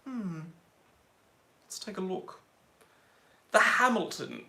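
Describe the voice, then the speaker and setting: A man hosting a casual live stream about watches, opinionated and animated, answering viewer questions. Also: high voice, slow, roomy sound, noisy background.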